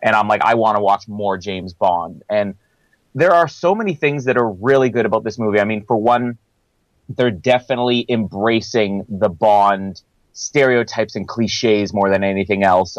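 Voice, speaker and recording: A man's voice: fairly low pitch, no room sound, low-quality recording. A man co-hosting a film review podcast in a casual chat, laughing between phrases and using lots of fillers. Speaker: podcast co-host.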